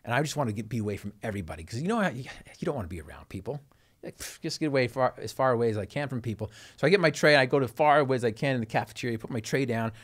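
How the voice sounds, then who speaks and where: Male motivational speaker, mid-pitched voice, earnest storytelling with dramatic pauses. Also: animated. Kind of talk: personal storytelling.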